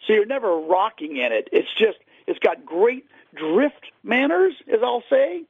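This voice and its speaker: A man's voice: high voice, big pitch swings, measured pace, breathy edge, dry recording. A man telling fishing stories with enthusiasm, with many fillers, as a guest on a radio show. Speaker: fishing guide and boat seller. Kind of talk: casual radio interview. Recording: dry, tinny phone line.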